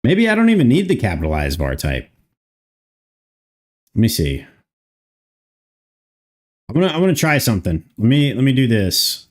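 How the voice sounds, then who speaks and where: A man's voice: medium pitch, huge pitch swings, normal speed, pauses often. A man streaming live, thinking aloud and muttering as he codes, chatting casually and swearing now and then. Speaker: streamer coding a game mod. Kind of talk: casual livestream chat while coding.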